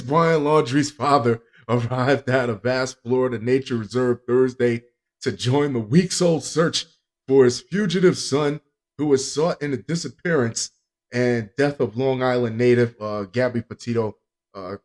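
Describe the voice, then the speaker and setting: A man's voice: medium pitch, measured pace. A man hosting a podcast in casual chat, rambling and joking with frequent chuckles. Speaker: podcast host.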